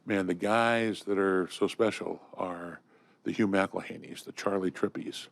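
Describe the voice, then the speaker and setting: A man's voice: sits low, fairly even intonation, measured pace, creaky, no echo. An older man from Southern California, a guest in a studio conversation, telling enthusiastic stories full of fillers and restarts. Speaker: interview guest. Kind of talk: storytelling in conversation.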